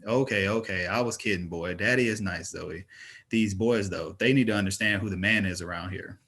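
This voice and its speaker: A man's voice: deep voice, normal speed, fairly bright tone, slightly rough, exaggerated voice. A man reading aloud voices a playful twenty-year-old father who acts mock-stern with his children.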